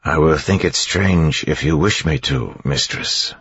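A man with a husky voice voicing a formal, obedient shapeshifter in the form of a wolfhound, speaking in a muffled way. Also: extremely low pitch, unhurried, fairly bright tone, no echo, exaggerated voice. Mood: stiffly formal.

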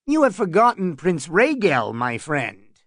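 A man reading an audiobook, voicing a mild-mannered, reasonable middle-aged knight who speaks in measured tones. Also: high voice, wildly swooping pitch, a bit bright, dry recording, studio quality, pitched above the performer's own voice, exaggerated voice.

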